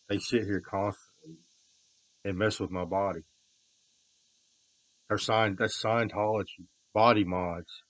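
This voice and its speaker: A man with a low-pitched voice rambles in unscripted talk. His delivery swings between quiet muttering and loud, repeated shouting. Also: fairly even intonation, measured pace, long pauses, no echo, rough recording.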